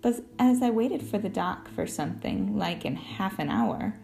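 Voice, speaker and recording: A woman reading a story aloud as narrator in first person, with clear storytelling. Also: medium pitch, very animated, measured pace, warm tone. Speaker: audiobook narrator. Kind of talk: scripted narration.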